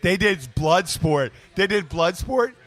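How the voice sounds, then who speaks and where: A man's voice: high-pitched, animated, a little slow, a bit bright. A man with an American accent hosting a podcast in loose, rambling casual chat, swearing and laughing often. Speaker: podcast host.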